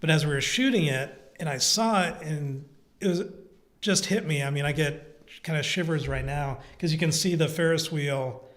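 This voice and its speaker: Laid-back middle-aged filmmaker, chuckling. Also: male voice, a little high, normal speed. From Iowa. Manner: relaxed storytelling with frequent chuckles. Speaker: filmmaker guest. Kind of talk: casual interview.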